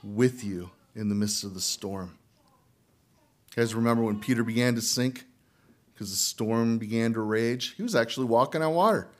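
A man's voice: medium pitch, normal speed. A conversational man preaching a sermon. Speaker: pastor.

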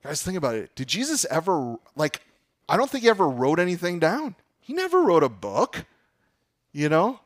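A man's voice: fairly high pitch, huge pitch swings, moderate pace. A man preaching a casual, conversational sermon to his congregation, often asking them questions and laughing at himself. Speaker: pastor.

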